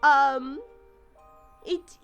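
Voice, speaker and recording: A woman's voice: high voice, fairly even intonation, very slow, a bit bright, dull audio, faint music behind, pitched above the performer's own voice, heavily acted. A woman voicing an awkward, frazzled male archivist who stammers nervously. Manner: stammering, flustered.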